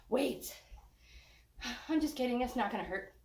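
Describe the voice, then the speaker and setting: A woman's voice: a little high, takes it slowly, echoey room. An older woman leading a walking workout. She is out of breath, jokes, and sighs between her encouraging cues. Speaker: fitness instructor.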